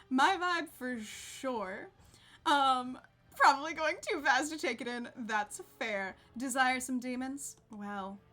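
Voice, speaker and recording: A woman's voice: high-pitched, pushed and bright. A woman streaming a game, chatting casually with viewers, bubbly and laughing often. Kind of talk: casual gameplay chat with viewers.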